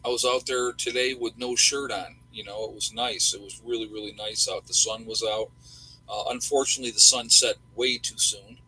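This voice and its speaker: A man's voice: medium pitch, sharp tone, breathy edge, rough recording. A middle-aged man, chatting casually and rambling with lots of fillers as host of a livestream. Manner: rambling, folksy, many fillers.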